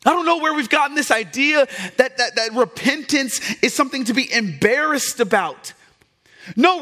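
A man preaching a sermon as pastor, impassioned and swinging from loud, fervent passages to hushed, tender ones. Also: extremely high pitch.

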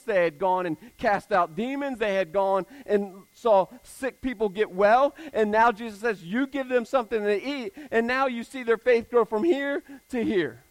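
A male pastor preaching a sermon in a conversational way, with casual fillers, swinging between emphatic and hushed delivery. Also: sits high, dry recording, poor audio.

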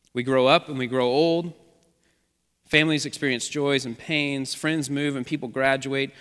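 A man's voice: mid-range voice, fairly bright tone, long reverb tail. A man preaching a sermon as the church's pastor, speaking with an earnest, repetitive preaching cadence.

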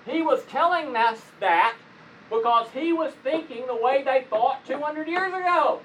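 A man's voice: very high-pitched, animated, unhurried, a bit bright, slight background noise, low-quality recording. A man speaking conversationally to an audience, telling personal stories and asking listeners rhetorical questions. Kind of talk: conversational lecture.

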